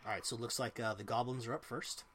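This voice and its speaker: A man narrating as game master of a tabletop game, relaxed, with many fillers. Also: mid-range voice, fast, a little hiss or hum.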